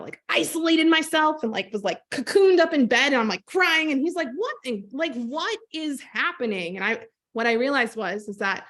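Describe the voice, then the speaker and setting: Animated woman coach, slightly high voice. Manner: animated storytelling, acts out quoted voices; conversational, direct address to listeners. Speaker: trauma-informed business coach. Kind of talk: teaching on a group call.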